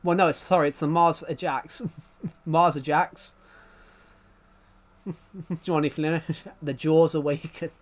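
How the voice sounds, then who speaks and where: A young man with a slightly high voice rambles through casual live-stream chat. He is self-deprecating, chuckles often, and trips over his own sentences as he goes. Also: steady tone, unhurried, pauses often.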